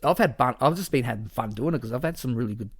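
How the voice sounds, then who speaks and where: A man's voice: medium pitch, expressive, fast. A man talking alone on his podcast in an easygoing, meandering way. His voice sits in the middle range, and his speech is full of swearing and false starts. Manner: rambling and casual, with frequent swearing and restarts. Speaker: podcast host. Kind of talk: solo podcast monologue.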